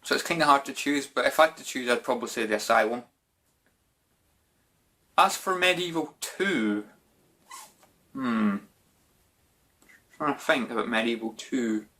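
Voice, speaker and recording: Scottish man, casual vlog host, chatty, informal, middle-pitched voice. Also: animated, unhurried, pauses often, sharp tone. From Scotland. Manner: chatty and informal, says "bloody" and "mate" a lot. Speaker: YouTube gaming channel host.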